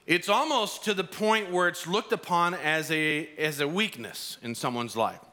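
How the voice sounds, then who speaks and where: Bright-voiced pastor telling a story. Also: male voice, on the high side, normal speed. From Arizona. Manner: storytelling with acted quotes. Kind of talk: sermon.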